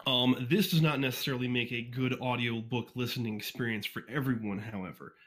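Fast-talking man from Northeast Ohio. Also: medium pitch, steady tone, fairly bright tone. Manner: fast-talking, informal, frequent fillers and restarts. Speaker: podcast guest, fan audiobook reader. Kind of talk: casual interview chat. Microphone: USB condenser microphone.

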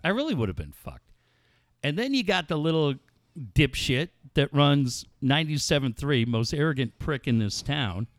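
A man's voice: on the high side, normal speed, dry recording, studio quality. A man hosting a sports talk show, telling stories in a casual, profane way. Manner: animated, profane storytelling. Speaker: sports radio host.

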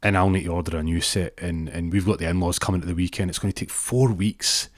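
A man's voice: low voice, steady tone, quick pace, no echo, studio quality. A man with a Scottish accent voicing a flustered, wealthy pig owner who pleads and rambles. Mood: pleading.

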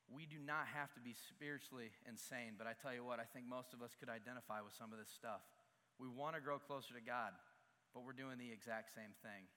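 A man's voice: medium pitch, steady tone, a little fast, bright, forceful tone. A young man preaching a sermon, earnest and confessional, rising to emphatic peaks. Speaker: pastor. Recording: long hall reverb.

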